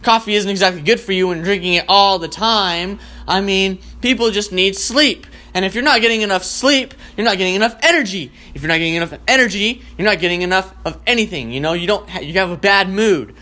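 A man with a high voice rants through a comedy bit, swearing freely and jumping from thought to thought. His tone is bright and sharp, and he keeps the energy up. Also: a little fast. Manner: profane, excitable, rambling. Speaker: host. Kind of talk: comedic rant.

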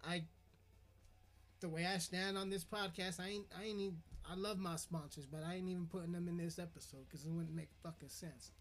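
A man's voice: high voice, steady tone, brisk, a bit bright. A man hosting a podcast, ranting in anger, swearing constantly and stumbling over his words. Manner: profane, stammering, heated. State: furious. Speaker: podcast host. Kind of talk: angry podcast sign-off rant.

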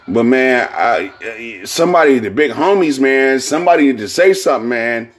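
A man's voice: mid-range voice, animated, moderate pace. A man from California hosting a podcast, talking in a rambling, casual monologue full of fillers and profanity. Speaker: podcast host.

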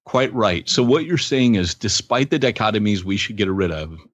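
A man hosting a podcast in a casual, jokey, animated way. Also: lowish voice, moderate pace, no echo. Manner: jokey, animated, laughs easily. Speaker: podcast host.

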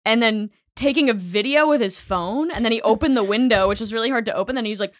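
A young woman co-hosting a podcast, chatting casually, swearing and acting out bits in loud animated voices. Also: fairly high pitch, fast, no echo. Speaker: podcast co-host. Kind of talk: casual comedic chat.

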